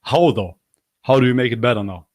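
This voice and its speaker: A man's voice: brisk, dry recording, studio quality. A man hosting a livestream and reacting to a video, blunt and mocking, his voice getting worn. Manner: mocks with high, whiny put-on apologies. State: losing his voice. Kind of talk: live reaction commentary.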